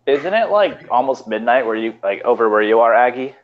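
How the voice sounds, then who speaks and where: A man's voice: medium pitch, animated, brisk. A young man from California chatting casually and crudely, talking in loose rambling sentences with frequent restarts. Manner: laid-back, rambling, stammering restarts. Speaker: podcast co-host. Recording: lo-fi voice call with faint noise.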